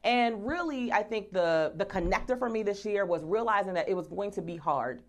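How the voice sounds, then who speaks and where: A woman in her forties hosting a live-streamed talk show. She speaks in an animated, playful way, often laughing and talking straight to her viewers. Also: medium pitch, moderate pace. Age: 40s. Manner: conversational, addressing viewers directly.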